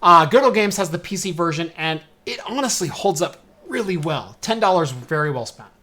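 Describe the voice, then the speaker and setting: A man hosting a casual chat, relaxed and rambling, trailing off with "and whatnot". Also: fairly high pitch, fairly quick. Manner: relaxed, talks in long rambling runs with "and whatnot"; hiccupping now and then. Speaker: show host.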